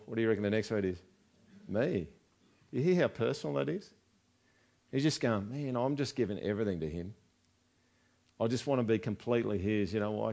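A man's voice: medium pitch, animated, a little fast, gravelly, a little mellow. A man preaching a sermon in a conversational way, often asking the congregation rhetorical questions. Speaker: pastor.

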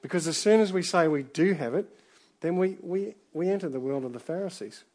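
A middle-aged man preaching a sermon in a relaxed, conversational way, full of restarts and asides. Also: fairly high pitch, fairly quick. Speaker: pastor.

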